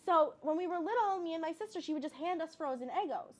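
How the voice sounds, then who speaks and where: A young woman tells stories in a casual interview, talking fast and eagerly. Her voice sits high and animated, and she rushes from one thought to the next. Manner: chatty, animated storyteller. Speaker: guest, cooking show host.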